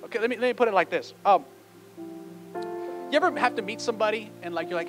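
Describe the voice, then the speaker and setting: A pastor, preaching a playful, animated sermon and urging his congregation to respond. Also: sits high, brisk, music in the background. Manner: animated, playful, acts out quotes, urges the congregation. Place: church.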